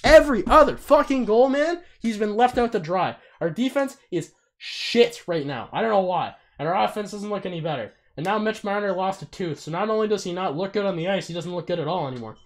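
A man's voice: high voice, a little fast, few pauses. A young man co-hosting a casual sports chat, ranting and swearing a lot. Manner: ranting, heavy swearing, excitable. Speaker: podcast co-host.

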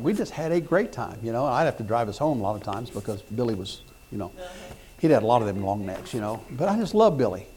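Folksy preaching man. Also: medium pitch. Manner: folksy storytelling with repeated words and restarts; rises to loud emphatic preaching. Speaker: pastor. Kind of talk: sermon.

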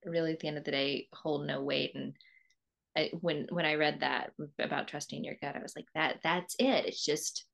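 Gravelly low-voiced woman host. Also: steady tone, moderate pace, fairly bright tone. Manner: rambling and effusive, repeats words. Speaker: podcast host. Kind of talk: interview host, casual conversation.

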